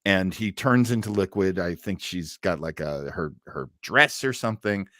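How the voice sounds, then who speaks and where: A man co-hosting a casual review podcast, animated, his voice jumping high when he is surprised. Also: normal speed, no echo, clean studio sound. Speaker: podcast co-host.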